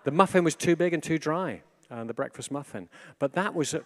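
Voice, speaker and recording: Animated man preaching a casual sermon. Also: a little high, quick pace, few pauses. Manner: animated, swings between hushed and excited. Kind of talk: informal sermon.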